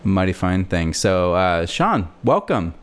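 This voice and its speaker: A man's voice: sits low, very animated, takes it slowly, clear, resonant tone. A man hosting a casual podcast from his apartment, rambling with lots of fillers and self-deprecating asides. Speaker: podcast host. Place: hot apartment with a fan running.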